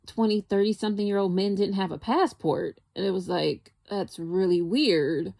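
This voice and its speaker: A woman's voice: medium pitch, fairly even intonation, moderate pace, gravelly, warm tone. A young woman talking casually to camera, rambling and musing, with lots of "like". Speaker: vlogger.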